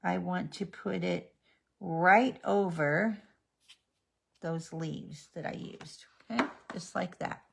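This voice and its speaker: Slow, gravelly woman demonstrating crafts. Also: fairly low pitch. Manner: slow, chatty, talks to her pet between steps. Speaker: stamping demonstrator.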